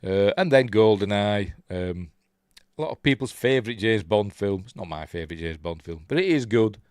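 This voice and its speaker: An older man from Yorkshire hosts a casual live stream, chuckling, rambling and reading viewer comments in his Yorkshire accent. His voice is on the low side, expressive and a little mellow at a moderate pace, with clean studio sound and no room sound.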